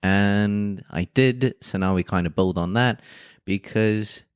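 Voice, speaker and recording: A man's voice: on the low side, slow pace, clear, resonant tone, dry recording, clean studio sound. A man co-hosting a podcast, telling stories in a rambling, hesitant way with many fillers. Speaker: podcast co-host. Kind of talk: casual podcast chat.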